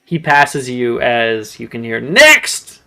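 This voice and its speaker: A man's voice: mid-range voice, measured pace, gravelly. A man narrating a tabletop game as game master, chatty and rambling.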